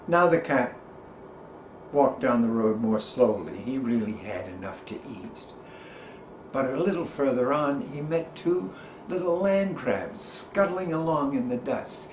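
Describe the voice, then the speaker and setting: A male storyteller reading a children's tale at an unhurried, slow pace, leaning into playful rhythmic sound effects. His voice sits at a middle pitch. The room echoes noticeably, and a faint hiss runs behind it. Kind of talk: storybook narration. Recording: roomy echo, faint background noise.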